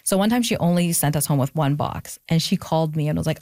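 In this interview conversation, a young woman author talks openly about her family, pausing to reflect and laughing off moments when emotion catches up with her. She speaks fast with few pauses, her deep voice carrying a warm tone. There's no room sound at all.

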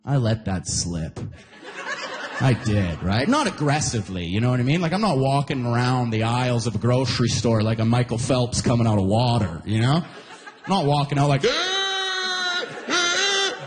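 A male stand-up comedian from Alberta telling a rambling, animated story to a live audience. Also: mid-range voice, normal speed. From Alberta, Canada. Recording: echoey hall with audience noise.

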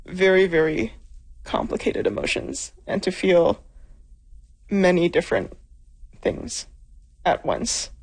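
A woman being interviewed answers earnestly and pauses to search for words. Her pitch moves a lot, and her voice has a gravelly fry. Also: a little mellow, poor audio. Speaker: interview guest.

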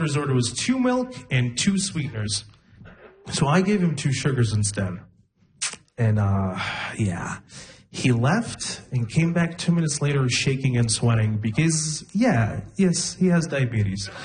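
A young man from Libya doing a stand-up routine, telling a story with wry, animated delivery and acted-out exchanges. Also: medium pitch, normal speed. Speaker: stand-up comedian. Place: comedy club stage. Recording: echoey live room, audience noise.

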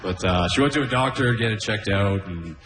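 A man's voice: lowish voice, fairly quick, reverberant, over music. A man from Canada performing a stand-up comedy set, laughing at his own jokes and often saying "oh, man".

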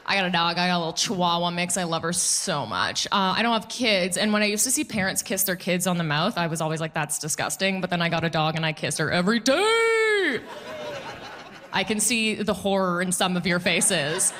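A young woman doing stand-up comedy, telling stories in an animated, sarcastic way. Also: on the low side, fairly quick.

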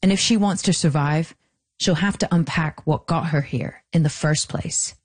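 A woman host giving measured, scripted narration for a documentary podcast. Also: low-pitched.

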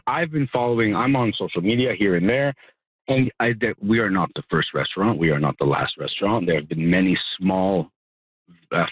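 A man who co-owns a restaurant, speaking as a radio guest by phone, hesitant with many pauses and ums. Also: lowish voice, dry recording. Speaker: restaurant co-owner, guest on the line. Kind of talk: phone interview. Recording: phone-line sound.

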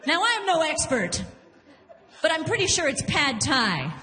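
A woman in her thirties doing a stand-up comedy set, animated and punchy, laughing through her lines. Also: sits high, moderate pace, a crowd in the background. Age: 30s. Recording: long hall reverb.

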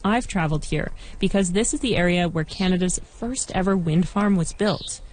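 Low-voiced woman narrating a documentary. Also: darkish tone, poor audio. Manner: measured, clear storytelling delivery. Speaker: reporter.

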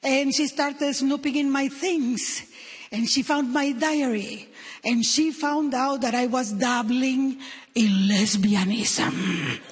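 A Nicaraguan woman with a Spanish accent performing a lively stand-up comedy set on stage, playful and punchy. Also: high voice, slow pace, husky. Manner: animated, playful, chants and shouts punchlines. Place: comedy stage before a live audience.

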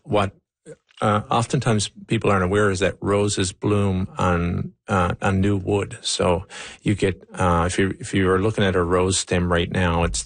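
A man's voice: deep voice, no echo. A man giving gardening advice in a casual chat, explaining patiently with many fillers. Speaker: gardening expert.

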